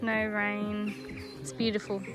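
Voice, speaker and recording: Slow-talking upbeat woman vlogging outdoors. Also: mid-range voice, monotone, music in the background. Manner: chatty, upbeat, quick laughs. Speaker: vlogger on a cycling tour. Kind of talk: casual chat. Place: outdoors on a country road.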